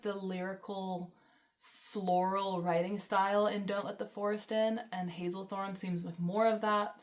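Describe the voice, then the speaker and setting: A young woman vlogging about books in a casual, rambling, enthusiastic way, with many fillers and laughs. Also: medium pitch. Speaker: book vlogger. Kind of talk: casual chat.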